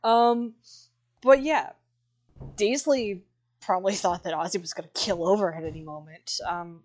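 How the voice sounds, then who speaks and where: Woman, podcast co-host, casual chat, reads from notes, laughs easily, mid pitch. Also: moderate pace, a little mellow.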